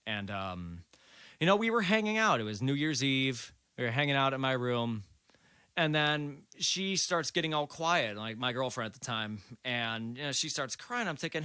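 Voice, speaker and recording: Bright-voiced man in his late twenties. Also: mid-range voice, lively intonation, moderate pace, clean tone, dry recording. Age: late 20s. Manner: loose, rambling, swears freely. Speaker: podcast guest. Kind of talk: casual storytelling.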